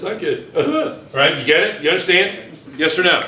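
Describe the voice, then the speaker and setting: A man teaching a chemistry class, lecturing with lots of quick checks on whether students follow. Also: fairly high pitch, echoey room. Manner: lively, keeps checking students with "yes or no?".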